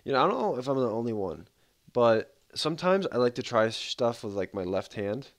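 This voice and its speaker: A man's voice: mid-range voice, big pitch swings, brisk. A man streaming a game, chatting casually in a rambling, laid-back way full of fillers. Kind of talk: casual livestream commentary.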